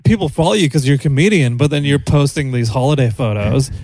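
A man's voice: mid-range voice, quick pace, darkish tone. A man co-hosting a comedy podcast in casual banter, laughing often and making crude jokes. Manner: laughing, crude, jokey asides. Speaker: podcast co-host.

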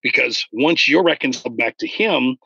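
A man in casual conversation about faith, explaining earnestly and getting animated when he retells stories. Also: mid-range voice, moderate pace, creaky, dull audio, slight background noise.

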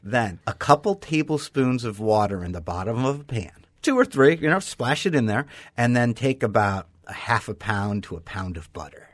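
A man's voice: mid-range voice, big pitch swings, normal speed, few pauses, no echo, clean studio sound. A man from Connecticut in a casual food chat, enthusiastic and walking through recipes step by step. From Connecticut, USA.

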